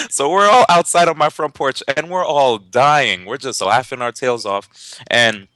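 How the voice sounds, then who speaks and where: Bright-voiced young man telling a story. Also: medium pitch, moderate pace, no echo. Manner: lively, laughing storyteller with many fillers and restarts. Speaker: tournament organizer and commentator guest. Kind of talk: casual storytelling interview.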